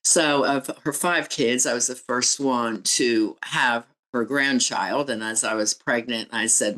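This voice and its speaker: A woman's voice: a bass voice, unhurried, hardly any pauses, a bit bright, rough recording. Candid woman sharing personal stories. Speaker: guest, relationship coach and author. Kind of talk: podcast interview storytelling.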